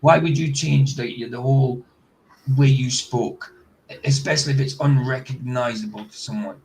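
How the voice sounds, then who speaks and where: A man's voice: medium pitch, steady tone, normal speed, a little mellow, low-quality recording. A man hosting a casual reaction stream, bluntly skeptical and firing off rhetorical questions. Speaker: host.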